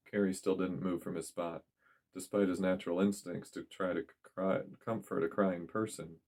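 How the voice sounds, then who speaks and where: A man with a deep, low voice narrates a story aloud. He reads at a steady, measured pace, as in a scripted storytelling piece.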